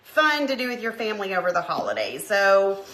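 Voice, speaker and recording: A woman's voice: medium pitch, sing-song, a little fast, pushed and bright. A middle-aged woman, chatting casually to her viewers while she crafts at home and greets them by name. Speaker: craft channel host. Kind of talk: casual crafting livestream chat. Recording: echoey room, faint background noise.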